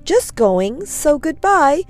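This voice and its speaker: A woman's voice: sits high, very animated, faint music behind, voice pushed up, exaggerated voice. Woman doing a jolly little gnome doctor. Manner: brisk, cheerful.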